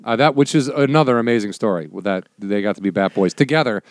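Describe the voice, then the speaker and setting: Man, lowish voice, podcast co-host, fast casual chat, dry sound. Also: dry recording. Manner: quick short interjections.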